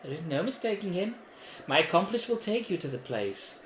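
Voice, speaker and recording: Man voicing a mysterious disembodied woman, scheming patron, grave and formal, higher-pitched, echoey room. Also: sing-song, fairly quick, a bit bright, slight background noise. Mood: pleased. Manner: grave, formal reading-out of game card text.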